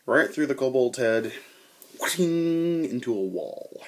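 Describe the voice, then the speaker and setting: A young man telling a tabletop game story in a casual, animated way, swearing and acting out quotes. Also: mid-range voice, takes it slowly.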